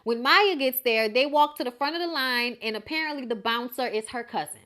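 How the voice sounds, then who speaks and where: A young woman from Los Angeles recaps episodes in a sassy, animated chat, slipping into little acted-out quotes. Her voice sits a bit high and rings bright and sharp. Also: fairly quick. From Los Angeles, USA. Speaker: TV show reviewer.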